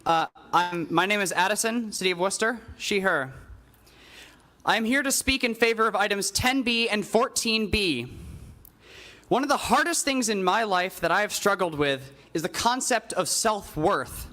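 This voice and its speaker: A young woman giving a measured, personal public comment in a city council chamber. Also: medium pitch, expressive, fairly bright tone. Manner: measured, personal, building to direct appeal.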